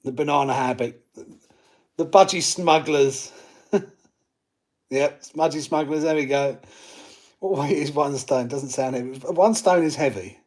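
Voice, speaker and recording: A man's voice: mid-range voice, moderate pace, a little mellow. A man hosting a live stream, casually chatting and reading out viewer comments while he works on his gear. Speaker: channel host.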